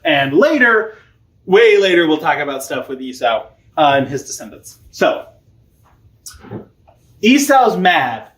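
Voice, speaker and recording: A young man teaching catechism in a loose, chatty way, filling his talk with "like" and "um" and breaking into light laughs. His voice sits somewhat high for a man. He sounds informal and conversational. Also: sing-song, a little slow, long pauses, fairly bright tone, echoey room. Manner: chatty and informal, many fillers, laughs often. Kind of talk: casual teaching.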